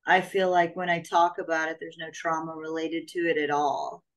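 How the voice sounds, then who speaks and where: Lower-voiced woman host, thoughtful and hesitant. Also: flat delivery, normal speed, low-quality recording. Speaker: podcast host. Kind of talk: reflective podcast conversation.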